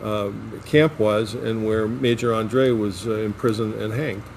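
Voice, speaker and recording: A man's voice: on the low side, measured pace, a little mellow, slight background noise. A man co-hosting a podcast, telling a rambling story with frequent restarts. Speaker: podcast co-host. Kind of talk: casual chat.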